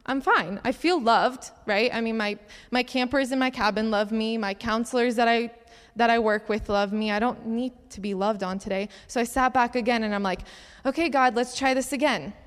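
A woman's voice: on the high side, normal speed, clear, resonant tone. Young woman telling testimonies in a reverberant hall. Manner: chatty and animated, acts out the dialogue of her stories. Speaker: camp counselor giving a testimony talk. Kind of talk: sermon-style testimony storytelling. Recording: long reverb of a large hall.

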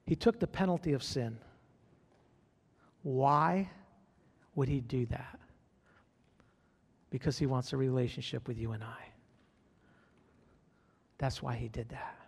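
A man's voice: mid-range voice, takes it slowly, gravelly, pauses often, slightly rough, in a large hall. A man preaching a sermon as pastor, fervent, repeating his phrases and calling out to the congregation.

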